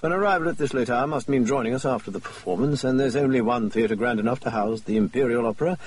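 A man voicing a confident, brisk Victorian male detective who lectures on his deductions. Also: mid-range voice, natural voice. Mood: lecturing. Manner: crisp, lecturing, quick to explain his deductions.

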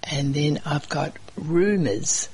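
A community radio presenter, chatting casually between songs and reading out local notices in an unhurried way with small hesitations. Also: mid-range voice, darkish tone, slightly rough, poor audio.

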